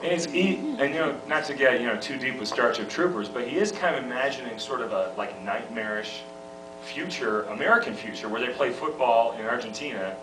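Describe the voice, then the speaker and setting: A male interviewer asks questions in a chummy, animated voice with lots of pitch movement. He sounds far from the mic in an echoey festival room. Music plays clearly behind him. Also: a little fast. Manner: chummy, laughing easily. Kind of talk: casual interview.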